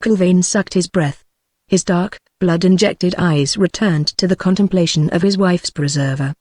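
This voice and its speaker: A text-to-speech woman's voice with a British English accent, reading a novel aloud in an even, measured way. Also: fairly low pitch, no room sound, clean studio sound. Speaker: narrator.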